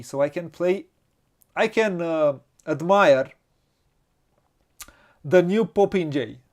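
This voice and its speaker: Host of a tabletop playthrough: a man with a Romanian accent who speaks at a very unhurried pace and mutters his moves aloud. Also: fairly high pitch. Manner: slow, hesitant, muttering to himself, laughs often. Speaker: board game channel host. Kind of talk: thinking aloud during a board game playthrough.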